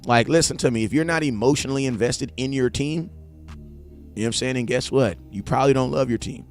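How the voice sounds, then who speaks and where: A young man hosting a sports fan live stream, talking casually and bluntly in slang, answering chat, often building to impassioned near-shouting. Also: mid-range voice, fairly quick, faint music behind. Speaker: sports fan show host.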